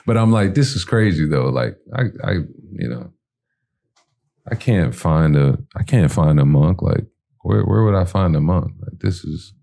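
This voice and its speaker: Man, very low voice, dark and gravelly, casual storytelling, acts out dialogue. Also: normal speed. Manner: animated storyteller who acts out his own and others' lines with fillers.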